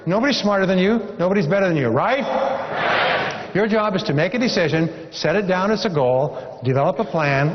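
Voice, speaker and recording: A man giving a motivational seminar speech, encouraging and repetitive, telling a story to drive home his point. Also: on the high side. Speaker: seminar speaker. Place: large seminar hall. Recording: dull lo-fi recording with long hall reverb.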